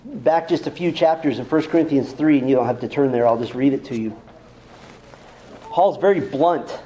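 A man's voice: mid-range voice, moderate pace, mellow, low-quality recording. A male pastor preaching a sermon in a direct, conversational way, full of rhetorical questions to the congregation.

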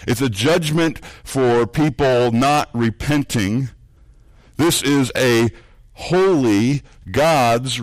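A man preaching a sermon, earnest, repeating words as he builds points and dropping low and soft for emphasis. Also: no echo. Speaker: pastor.

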